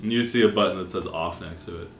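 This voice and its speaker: A man's voice: sits low, rapid-fire, slight background noise. A man running a tabletop game at home, narrating loosely with many fillers and laughs. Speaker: game master. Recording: echoey room.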